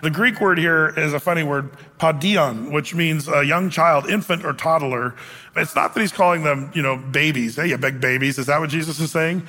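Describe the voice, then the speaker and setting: A man's voice: fairly high pitch, moderate pace, pushed and bright, long reverb tail. A male pastor preaching a sermon, explaining scripture in a casual, conversational way with everyday asides.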